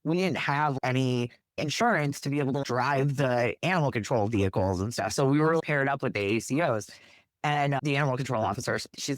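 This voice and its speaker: A woman from New Jersey telling a story as an interview guest, lively, acting out the quotes with big jumps in her voice. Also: very deep voice, a little fast, no echo, studio quality. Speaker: guest, animal rescue worker.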